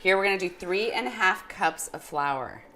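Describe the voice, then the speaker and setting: A woman's voice: medium pitch, expressive, normal speed, sharp tone. A middle-aged woman chatting casually as she demonstrates a recipe in her home kitchen. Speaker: cooking show host.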